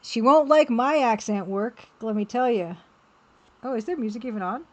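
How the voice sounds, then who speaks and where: A woman chatting casually on a live art stream while working, reading viewer messages aloud and reacting with excited exclamations. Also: a little high, moderate pace. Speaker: game developer streaming while drawing.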